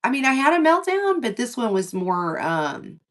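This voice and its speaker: Here a livestream co-host spins a lengthy tale in a relaxed, chatty way, her voice picked up by a distant mic at a moderate pace. Animated and profane, she plays out the dialogue by dropping and lifting her voice.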